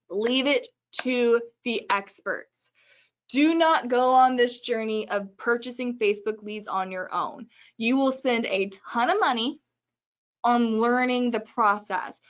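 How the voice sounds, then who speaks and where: A woman hosting a casual webinar, giving brisk, joking advice in a chatty way. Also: on the high side, lo-fi sound. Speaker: webinar host.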